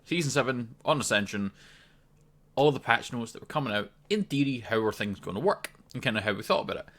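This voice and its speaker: A Scottish man talks through a video game update in an easy, rambling way, dropping in ums and restarting his sentences as he goes. His voice is bright and sharp-edged, pitched at an everyday middle level for a man. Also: lively intonation, brisk. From Scotland. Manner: chatty, loose, frequent ums and restarts. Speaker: gaming video host. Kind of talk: casual game commentary to camera.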